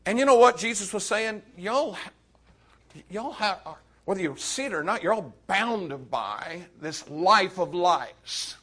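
Man, preacher, bright sharp voice, lively pitch swings. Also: slow. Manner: animated, addresses youth directly. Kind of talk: sermon.

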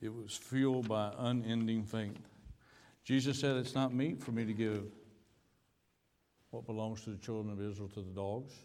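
A man's voice: fairly low pitch, fairly even intonation, moderate pace, darkish tone. A man with an American accent preaching a sermon, telling a personal story with frequent repeated words and restarts. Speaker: pastor. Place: church sanctuary. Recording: long hall reverb.

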